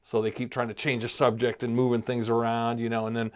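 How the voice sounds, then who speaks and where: A man's voice: mid-range voice, completely flat delivery, fast, smooth. A man co-hosting a casual podcast chat, rambling as he retells a show's plot in quoted voices. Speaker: podcast co-host.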